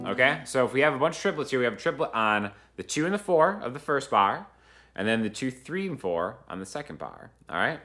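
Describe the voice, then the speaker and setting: A guitar instructor gives a casual, chatty lesson, counting beats out loud as he strums over acoustic guitar playing. His voice is mid-range, very animated and fairly quick.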